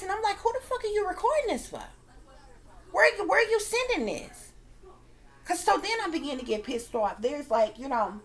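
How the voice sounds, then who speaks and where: A woman working as a psychic reader, telling her viewers a story in a casual, emphatic way, swearing often and acting out her own reactions. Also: fairly high pitch.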